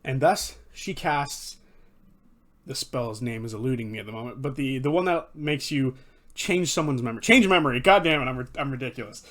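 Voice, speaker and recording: A man's voice: mid-range voice, moderate pace. A man giving casual, enthusiastic video commentary, recapping favorite moments, swearing freely and correcting himself as he goes. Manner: enthusiastic, profane, rambling with self-corrections. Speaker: fan commentator.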